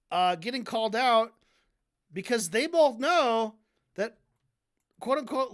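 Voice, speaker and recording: In a mid-range, slightly bright voice, a streamer rants his way through a debate recap as casual commentary. The delivery is sarcastic and heated, full of swearing, with occasional stumbles over repeated words.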